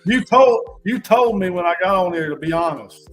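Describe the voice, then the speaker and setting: Man, slightly high voice, teasing, laid-back, faint music behind. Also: expressive, moderate pace. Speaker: guest player. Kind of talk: casual chat.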